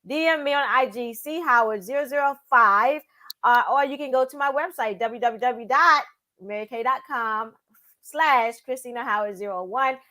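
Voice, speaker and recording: A woman joins a live morning stream as a guest. She speaks eagerly and casually, full of yeses and fillers. Her voice sits somewhat high. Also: moderate pace, pushed and bright. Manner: eager, affirming, many fillers. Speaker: guest, sales director. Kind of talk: casual chat.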